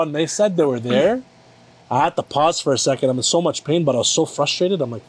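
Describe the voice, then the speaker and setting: A man's voice: a little high, expressive, a little fast, slightly rough. A man in casual chat, telling a story with lots of swearing and acted-out quotes.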